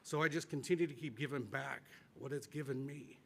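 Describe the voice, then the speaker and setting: A man from Missouri giving an earnest, halting campaign speech at a podium in a convention hall. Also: medium pitch, fairly even intonation, creaky, slight background noise. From Missouri, USA. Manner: earnest, halting with repeated restarts. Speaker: campaign speaker.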